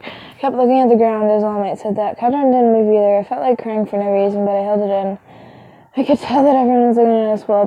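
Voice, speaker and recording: A woman's voice: a little high, steady tone, fairly quick, no echo, narrow, tinny audio. A young woman reading a fanfiction story aloud, breaking off into rambling, giggly asides full of fillers. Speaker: fanfiction reader.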